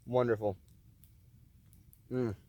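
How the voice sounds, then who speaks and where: A man's voice: mid-range voice, fairly even intonation, takes it slowly, darkish tone, dry recording, lo-fi sound. A man vlogging at a winter backcountry camp, chatting casually and relishing his camp food as he eats. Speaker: outdoor vlogger. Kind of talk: casual vlog chat while cooking and eating.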